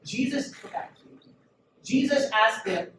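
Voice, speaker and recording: A man's voice: very high-pitched, lively intonation, measured pace, fairly bright tone. A man preaching a sermon as a youth pastor, with an emphatic manner, urging listeners to look and listen. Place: church youth room. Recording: echoey room, mic at a distance, background noise.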